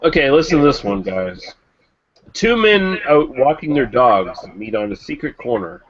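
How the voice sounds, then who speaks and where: A man's voice: mid-range voice, normal speed. A man in casual, crude banter on an online call, telling a long joke and trading profane jabs with friends. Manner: animated, profane, playfully combative. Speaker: beer review show regular. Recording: lo-fi call audio.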